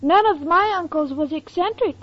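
A woman's voice: very high-pitched, moderate pace, heavy background noise. An actress playing a scatterbrained, naive young woman in a 1940s radio sitcom, earnest and full of cheerful non sequiturs. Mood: chatty. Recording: dull old radio broadcast recording.

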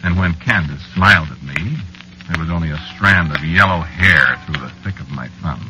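A man's voice: a bass voice, normal speed, bright, forceful tone, soft background music, exaggerated voice, low-quality recording. An actor narrating as an ageless man married to a witch in an old-time radio drama, wistful in telling and flustered in dialogue. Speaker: narrator and lead character.

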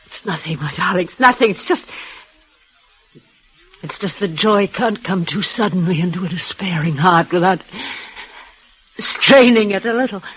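A woman's voice: fairly low pitch, expressive, fairly bright tone, breathy edge. A frail, dying young woman, tender. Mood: brave, frail. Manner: breathless, halting, restarts words. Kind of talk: 1940s radio acting. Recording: lo-fi old radio broadcast.

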